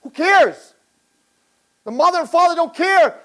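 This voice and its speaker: A man giving an impassioned sermon to girls, swinging from low murmurs to high shouts and acting out dialogue. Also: lively intonation, normal speed, low-quality recording. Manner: acts out dialogue in character voices. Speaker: religious teacher.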